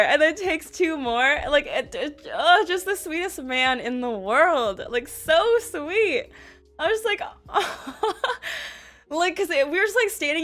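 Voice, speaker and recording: A young woman telling a casual storytime vlog, bubbly and quick, full of "like" and acted-out quotes. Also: high voice, very animated, a bit bright. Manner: bubbly, quick, lots of "like" fillers and quoted voices. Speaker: vlogger.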